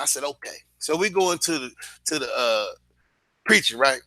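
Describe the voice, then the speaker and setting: A man from Dayton, Ohio, a stand-up comedian telling a joke story with animated delivery and acted-out voices. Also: fairly high pitch, brisk, no room sound.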